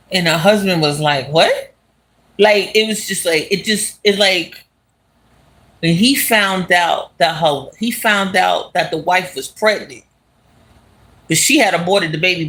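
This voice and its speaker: A vlogger casually retelling a movie plot while walking outdoors, talking in an animated, slangy way and laughing as they go. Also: medium pitch. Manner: animated, slangy, laughs as it talks, asks "you understand?". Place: outdoors on city streets.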